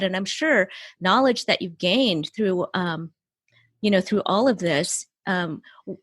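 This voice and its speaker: Woman, podcast host, gentle, measured, fillers, mid pitch, dry. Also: dry recording. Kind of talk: interview questions.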